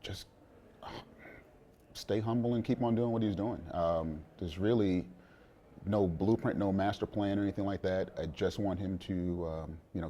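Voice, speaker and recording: A middle-aged man, the father of a young player, talking in a relaxed sit-down interview with many fillers and restarts. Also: low-pitched, muffled recording, a little hiss or hum. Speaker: interview guest, father of a college quarterback.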